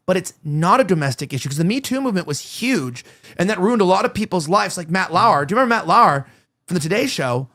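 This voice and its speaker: A man hosting an opinionated commentary show, talking in a rapid, heated, rambling way with many restarts. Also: high-pitched, very animated, pushed and bright. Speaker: show host.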